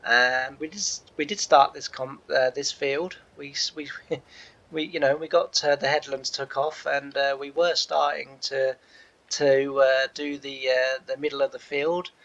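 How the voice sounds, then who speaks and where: A man's voice: medium pitch, little pitch movement, unhurried, fairly bright tone, no echo, dull audio. A man hosting a farming simulator let's play, talking casually in character as a farm manager, rambling with many fillers and restarts.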